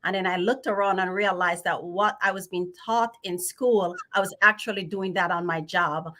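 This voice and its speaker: A woman's voice: on the low side, fairly even intonation, moderate pace, fairly bright tone, a little hiss or hum. A middle-aged woman from Jamaica with a Jamaican accent, a financial planner telling her story in a friendly way as a livestream guest. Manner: friendly storytelling, filler uhs. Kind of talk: casual livestream chat.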